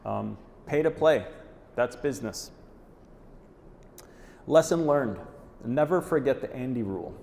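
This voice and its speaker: A man's voice: medium pitch, expressive, measured pace, gravelly, long pauses, a little mellow. Punchy man presenting in a hall. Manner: punchy, says "okay?" after points. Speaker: conference presenter. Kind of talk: live conference talk. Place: conference hall. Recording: reverberant hall, faint noise.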